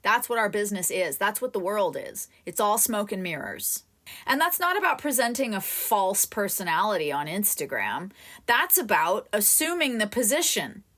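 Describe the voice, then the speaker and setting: Lively-voiced woman acting coach. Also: medium pitch, moderate pace. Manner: animated, talks directly to a student. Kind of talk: live coaching session.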